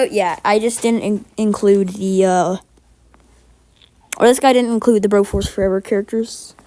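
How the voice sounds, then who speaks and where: A woman's voice: fairly high pitch, a little mellow. Chatty young woman ranking game characters. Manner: rambling, chatty, self-correcting. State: slightly sick, out of breath. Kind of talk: casual tier-list commentary.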